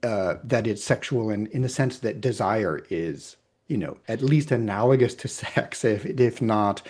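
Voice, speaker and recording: Husky middle-aged man explaining on a call. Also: fairly low pitch, a little slow, a little mellow. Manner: thoughtful, hedging, frequent "right?" checks. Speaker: clinical psychologist guest. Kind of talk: conversational explanation. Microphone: video call.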